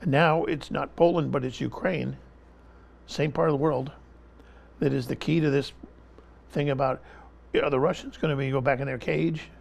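A man's voice: mid-range voice, fairly even intonation, normal speed, creaky, pauses often. A man speaking as an interview guest, giving impassioned political commentary in an emphatic style, pressing the same point again and again and talking over interruptions.

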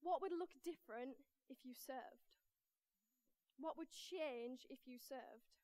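A woman with a Northern English accent preaching a lively storytelling sermon in church, acting out the voices in her anecdotes. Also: sits high, slow, dry recording. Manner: animated, acts out voices in anecdotes.

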